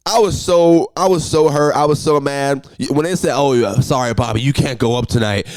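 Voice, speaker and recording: A young man hosting a solo podcast, telling road stories in an animated, ranting way that jumps high and loud when he gets worked up. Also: a little fast, dry recording. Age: young adult. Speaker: podcast host.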